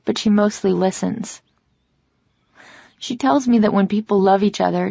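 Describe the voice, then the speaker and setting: A woman reading a first-person romance audiobook in a measured, reflective way, in a slightly dull, dry recording. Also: medium pitch, creaky, a little mellow, no room sound. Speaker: audiobook narrator.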